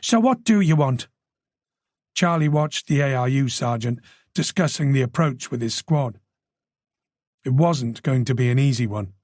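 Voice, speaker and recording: A man reading a thriller audiobook in measured, scripted narration. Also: mid-range voice, dry recording, clean studio sound. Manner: measured, even storytelling.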